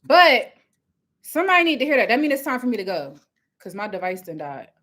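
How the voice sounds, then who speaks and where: A young woman giving a loud, passionate motivational talk on a live stream, laughing often as she preaches. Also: a little high, big pitch swings, brisk. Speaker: host of a live coaching stream. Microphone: phone or webcam at home with ring light.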